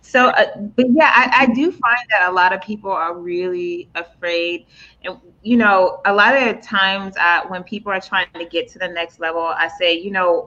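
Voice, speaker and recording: A woman's voice: fairly low pitch, moderate pace, pushed and bright. Woman host on muffled lo-fi audio. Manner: thoughtful, rambling questions with fillers. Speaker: interview host. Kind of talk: casual interview. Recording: dull lo-fi audio.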